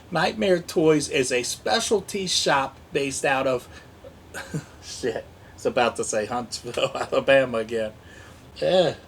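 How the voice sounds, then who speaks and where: A man's voice: medium pitch, measured pace, gravelly, a bit bright, slight background noise. A man in his forties who swears his way through a crude, comedic toy unboxing and keeps breaking into silly voices. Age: 40s. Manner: jokey, profane, slips into silly voices.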